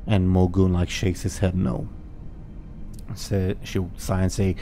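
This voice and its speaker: Low-voiced man running a tabletop game. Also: little pitch movement, slow, vocal fry, pauses often, mellow, slight background noise. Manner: rambling, many fillers. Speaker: game master.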